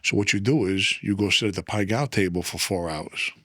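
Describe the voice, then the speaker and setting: A man's voice: lowish voice, brisk, fairly bright tone, no room sound, clean studio sound. A man talking through a casual interview, streetwise, handing out tips step by step. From United States. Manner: streetwise, instructive, tosses out tips. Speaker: interview guest. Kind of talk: casual storytelling chat.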